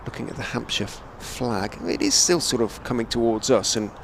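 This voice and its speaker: A man giving relaxed ball-by-ball cricket commentary from a rooftop commentary position, rising with excitement on the big shots. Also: mid-range voice, gravelly, a little hiss or hum. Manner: measured, chatty, lifts to excited calls on big shots. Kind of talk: radio-style ball-by-ball commentary. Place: commentary position on a stadium hotel roof.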